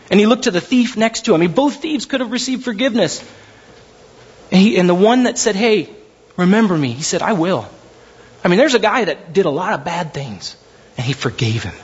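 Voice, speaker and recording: Guy pastor preaching, high pitched and super animated, swings all over, muffled recording. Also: slightly rough. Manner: animated storytelling, acting out voices. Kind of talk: sermon.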